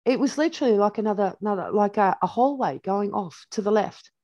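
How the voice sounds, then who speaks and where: A woman's voice: medium pitch, expressive, a little fast, warm tone, no echo, highs cut off. Chatty Australian woman, dry close sound. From New South Wales, Australia. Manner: chatty and rambling, with many restarts; vivid anecdotes with reported speech. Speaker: interview guest. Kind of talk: casual storytelling over photos.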